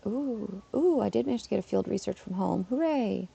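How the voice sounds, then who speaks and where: A woman's voice: mid-range voice, animated, fairly quick, vocal fry, mellow, husky. A woman, a schoolteacher, chatting casually on a live stream while playing, laughing often and talking back to her chat. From Canada.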